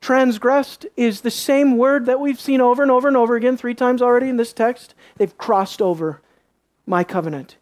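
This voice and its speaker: Speaking at normal speed, a preacher delivers a sermon that moves between soft, low asides and sharp emphasis, reading scripture aloud and asking the listeners questions.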